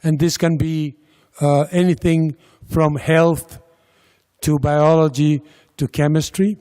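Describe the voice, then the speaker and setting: A man giving a slide presentation about a funding agency's programs, speaking slowly and deliberately with pauses and fillers. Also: a little high, flat delivery, warm tone. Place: lecture hall. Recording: lecture hall with long reverb.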